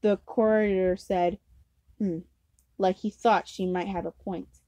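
A woman's voice: mid-range voice, steady tone, slow, dark tone, no echo, low-quality recording. A woman reading a novel aloud at home, unpolished, with slips and restarts. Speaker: amateur reader.

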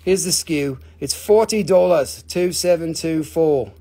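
A man with a mixed Australian and Northern English accent, hosting a casual live crystal sales stream, excitable and rambling, swearing freely. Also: fairly high pitch, a little slow.

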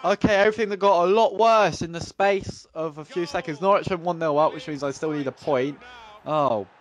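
A man giving live gameplay commentary, excitable, shouting at the match and joking with himself. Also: fairly high pitch, fairly quick. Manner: excitable, shouts at the match and laughs at his own jokes. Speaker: gaming channel host.

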